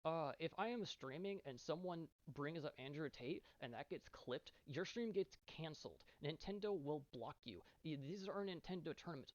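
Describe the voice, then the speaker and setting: A man's voice: a little high, darkish tone, dry recording. A man who is an esports team captain tells his side of a dispute in an earnest, aggrieved monologue, often checking in with "right?". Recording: dull, slightly muffled, dry sound.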